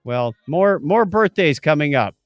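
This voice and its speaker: A man with a high, very lively voice co-hosts a casual podcast. He reads history notes and laughs at his own slips, with faint music behind him. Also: measured pace. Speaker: podcast co-host.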